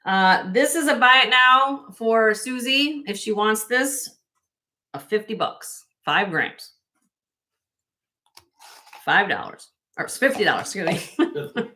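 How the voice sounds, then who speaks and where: A woman's voice: on the high side, animated, slow pace, pauses often, pushed and bright. A woman hosting a casual live-stream jewelry sale, chatty and self-correcting, laughing often as she shows pieces to viewers.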